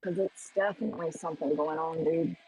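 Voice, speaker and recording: A woman's voice: sits low, steady tone, brisk, mellow, slight background noise, low-quality recording. A woman talking to her camera in a gym, blunt and profane, explaining her workout in a casual chatty way. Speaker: vlogger. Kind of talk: casual gym vlog talk. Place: public gym.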